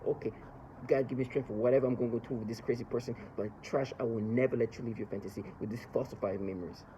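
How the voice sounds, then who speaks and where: A man's voice: mid-range voice, steady tone, fast, mellow, lo-fi sound, slight background noise. A man in an agitated, accusatory, emotional rant, speaking as a monologue. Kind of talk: angry ranting monologue.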